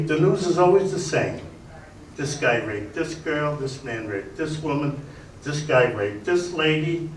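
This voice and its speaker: A man doing a stand-up routine on a comedy club stage, telling jokes deadpan. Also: mid-range voice, a little hiss or hum. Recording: echoey club recording from a distance.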